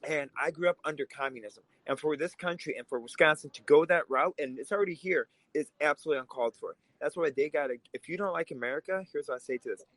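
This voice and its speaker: A man's voice: a little high, fast, few pauses, a bit bright, no room sound, poor audio. A man who grew up in Russia, co-hosting a political podcast, talking in a heated, emphatic way. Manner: fired up, emphatic, swears when angry. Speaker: podcast co-host.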